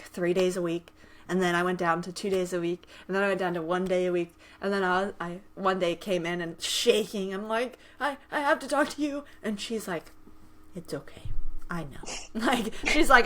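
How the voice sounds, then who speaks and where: A woman's voice: mid-range voice, normal speed. A young woman hosting a podcast, telling stories in casual chat and acting out the people she quotes. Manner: animated storytelling, acts out quoted voices, laughs often. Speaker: podcast host.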